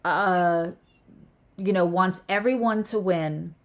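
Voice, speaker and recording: Here the same kind of host, a woman who reads tarot and does astrology, chats casually about spiritual topics in a lowish voice at a slow pace. She stresses words animatedly and keeps restarting what she's saying.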